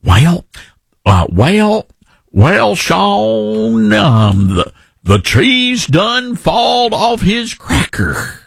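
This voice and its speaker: A hammy, folksy Southern senator drawls every word out slowly and high, stretching each syllable like a yokel, as a talk host mocks him. The voice is husky and dry, and it swoops wildly up and down. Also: male voice, huge pitch swings, dry recording, heavily acted. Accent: exaggerated Southern US drawl. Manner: slow, drawn-out, yokel-like.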